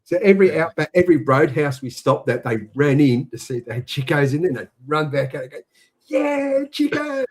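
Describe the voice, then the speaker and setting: An Australian man in his sixties telling a jokey yarn in casual chat, animated when he quotes others. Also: medium pitch, quick pace, few pauses, husky. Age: 60s. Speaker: co-host.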